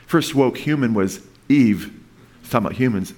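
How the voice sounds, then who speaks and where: A man's voice: medium pitch, a little fast, dark tone. A man preaching a sermon in an earnest, rambling way, with frequent restarts and asides to his listeners. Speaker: pastor.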